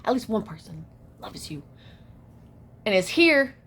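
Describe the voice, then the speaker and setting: A woman talking straight to camera in a casual motivational monologue, emphatic and repeating herself, moving between hushed and shouted lines. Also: medium pitch, sing-song, a little slow, breathy edge. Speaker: vlogger.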